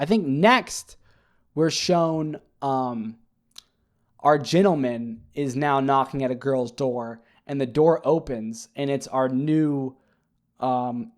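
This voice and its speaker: A man talking casually on his own, retelling a TV episode in a rambling, animated way with many fillers and restarts. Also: medium pitch. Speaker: podcast host. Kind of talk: casual solo recap chat.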